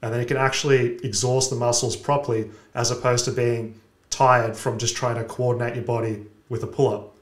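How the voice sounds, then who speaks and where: A man's voice: medium pitch, reverberant. A man hosting a podcast who gives a methodical, step-by-step explanation of training. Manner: measured, methodical coaching explanation. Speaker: podcast host.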